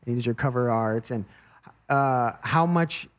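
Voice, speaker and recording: A man hosting a casual podcast interview, talking in a relaxed, halting way with frequent restarts. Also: medium pitch. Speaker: podcast host.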